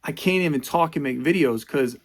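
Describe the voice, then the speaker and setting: Frustrated young man with a gravelly voice. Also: fairly high pitch. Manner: frustrated, halting, repeats himself. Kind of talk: venting monologue in a clip.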